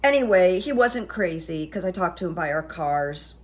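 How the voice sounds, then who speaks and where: A woman's voice: on the low side, expressive, moderate pace, slight background noise. Middle-aged woman, psychic vlogger, chatty, rambling, lots of fillers. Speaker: psychic YouTuber. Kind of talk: casual vlog chat.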